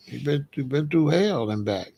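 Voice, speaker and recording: A man's voice: a little high, lively intonation, moderate pace, creaky, mellow. A man giving a blunt, streetwise commentary monologue, repeating his points. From Chicago. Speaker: commentary host.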